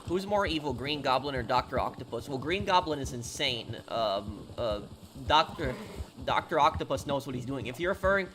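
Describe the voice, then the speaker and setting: A man live-streaming a game talks in a casual, halting way, full of fillers and false starts as he answers his viewers. His voice sits at an ordinary middle pitch. Game noise, hoofbeats and ambience run clearly underneath him. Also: animated. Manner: halting, many fillers and restarts, answers chat questions. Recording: noisy game audio underneath.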